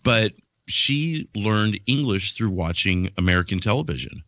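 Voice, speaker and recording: A man's voice: on the low side, expressive, measured pace, a bit bright, no room sound. A man calling into a live show, chatting casually with easygoing, chuckling asides over lo-fi call audio. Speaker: regular guest on a call. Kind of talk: casual chat.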